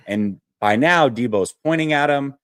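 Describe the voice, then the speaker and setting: A man hosting a casual sports talk show, telling a story with lots of fillers and animated detail. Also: medium pitch, moderate pace, clean tone, dry recording, studio quality. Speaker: host.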